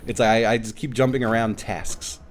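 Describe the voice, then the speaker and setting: Chatting casually on a live game stream, a man tells animated stories and laughs frequently. His voice is medium-pitched at a moderate pace, with slight background noise.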